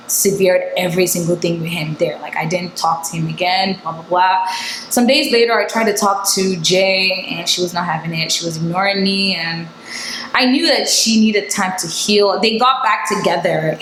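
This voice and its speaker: A woman's voice: fairly low pitch, normal speed, a bit bright, reverberant, slight background noise, low-quality recording. A young woman from Nigeria telling a candid storytime to her vlog viewers, chatty and full of fillers. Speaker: vlogger. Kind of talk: casual storytime chat.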